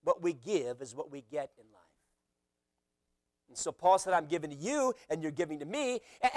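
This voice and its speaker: Animated high-voiced male preacher. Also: moderate pace, dry recording, clean studio sound. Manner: animated preaching, acting out quotes with sudden loud shouts. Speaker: pastor. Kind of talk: sermon.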